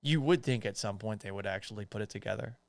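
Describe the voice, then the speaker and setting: A man's voice: on the low side, fast, creaky, no room sound. A man hosting a sports podcast, reading viewer comments and answering them in a blunt, joking, profane manner. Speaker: podcast host.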